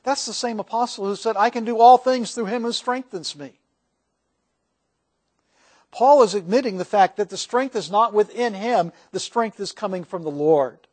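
Man, pastor, high voice, earnest church sermon, scripture read with force. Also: moderate pace, a little mellow. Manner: earnest preaching, swells for quoted scripture. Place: church sanctuary.

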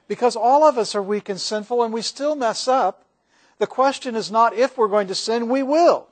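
A man pastor delivering a sermon to his congregation, earnest, rising when he reads scripture. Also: sits high. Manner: earnest preaching, swells for quoted scripture. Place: church sanctuary.

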